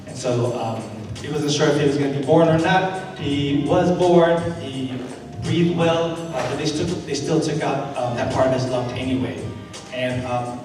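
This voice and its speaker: A man's voice: medium pitch, moderate pace, music in the background. Man giving a talk, chatty and earnest, lots of um and uh, big echoey hall, far off mic. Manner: conversational and earnest, many fillers, building to rhetorical questions. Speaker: invited speaker and educator. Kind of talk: conference talk with storytelling.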